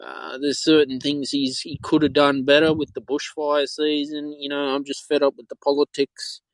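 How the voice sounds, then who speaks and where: A man's voice: fairly high pitch, level tone, normal speed, dry recording, rough recording. An Australian man hosting a podcast alone, rambling in frustration and repeating himself. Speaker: podcast host. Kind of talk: solo opinion talk.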